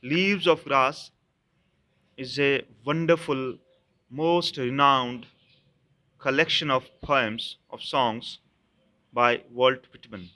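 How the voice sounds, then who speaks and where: A man with an Indian English accent, a professor giving a recorded literature lecture, explaining slowly and repeating each term. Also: mid-range voice, fairly even intonation, sharp tone. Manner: addresses students as "dears".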